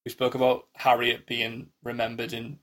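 A man's voice: medium pitch, completely flat delivery, moderate pace, fairly bright tone. Rambling man chatting on a podcast. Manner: rambling, restarts often, acts out quotes. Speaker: podcast co-host. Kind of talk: casual chat.

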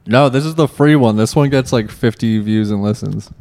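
A man's voice: mid-range voice, moderate pace, a little mellow. A man co-hosting a podcast, tired and wisecracking in loose banter. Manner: sleepy, wisecracking. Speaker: podcast co-host.

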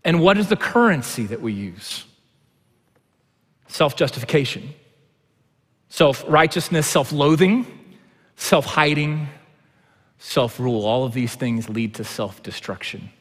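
A male pastor delivers a sermon in a church sanctuary, and his voice rings out in a long hall reverb. He moves between hushed, low passages and loud, fervent preaching. His pitch sits in an ordinary middle range for a man. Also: sing-song, unhurried, pauses often, husky.

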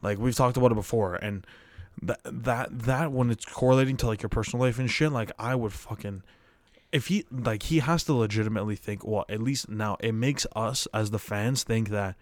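A young man in casual chat, heated and swearing, his voice jumping up in loud outbursts. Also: lowish voice, normal speed, no echo.

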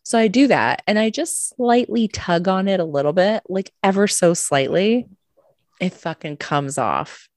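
A woman co-hosting a podcast, telling a story in a lively, casual way, swearing freely and acting out what people said. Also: lowish voice, a little slow, dry recording, clean studio sound. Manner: animated, swears a lot, acts out quotes. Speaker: podcast co-host.

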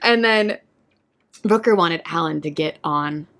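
A woman telling a lively convention anecdote in casual chat, laughing often and acting out what people said. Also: low-pitched, a little slow. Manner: animated, laughs often, acts out quotes.

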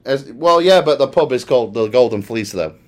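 A man's voice: mid-range voice, expressive, brisk. A man from England with an English accent, joking around on a casual podcast and laughing often. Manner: jokey, laughs often, tries silly voices. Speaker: podcast co-host.

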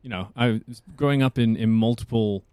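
A man's voice: mid-range voice, a little fast, dark tone, clean tone, dry recording. A man who is a voice actor, chatting as a guest in a casual interview, rambling and often restarting his sentences.

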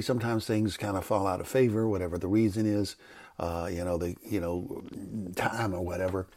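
A man's voice: fairly low pitch, darkish tone, slightly rough. An older man, a pastor, talking off the cuff on a devotional podcast, rambling and correcting himself as he goes. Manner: rambling, self-correcting, conversational. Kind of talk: unscripted devotional podcast talk. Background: background noise.

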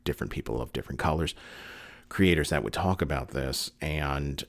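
A man's voice: very deep voice, normal speed, dry recording. A man talking casually in video commentary, earnest and rambling with many fillers and restarts, sometimes choked up. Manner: emotional, getting choked up.

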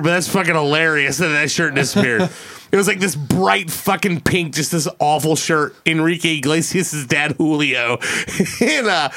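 A man's voice: on the high side, lively intonation, normal speed, creaky, sharp tone. A man co-hosting a podcast in a studio, telling a profane story and acting out the quotes in it. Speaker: podcast co-host. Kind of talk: casual chat.

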